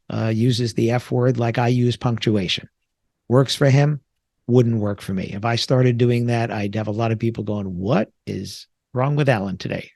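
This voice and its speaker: A man's voice: medium pitch, darkish tone, dry recording, clean studio sound. A man from the New York area hosting a solo podcast, talking in a conversational, reflective way with frequent filler words. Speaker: podcast host.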